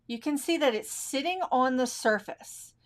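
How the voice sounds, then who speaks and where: A middle-aged woman teaching colored pencil technique on a live stream, talking in a relaxed, chatty way and thinking aloud as she works. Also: high-pitched, normal speed. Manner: left-handed. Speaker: art instructor.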